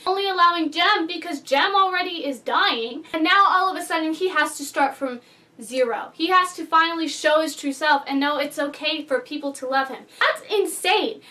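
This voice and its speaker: A woman casually reviewing a book on her vlog, gushing and animated as she chats about the characters. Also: high voice, far from the mic. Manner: gushing, animated fangirl chatter.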